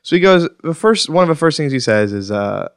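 A man's voice: on the high side, sing-song, brisk, gravelly, dry recording, studio quality. Stuffy-nosed man ranting on a podcast. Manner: ranting, storytelling. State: stuffy, congested. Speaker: podcast co-host. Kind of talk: casual chat.

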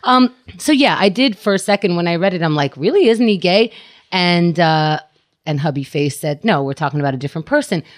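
A woman's voice: on the low side, fairly quick. A woman co-hosting a casual talk show, chatty and teasing, laughing often. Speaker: co-host. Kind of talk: casual podcast banter.

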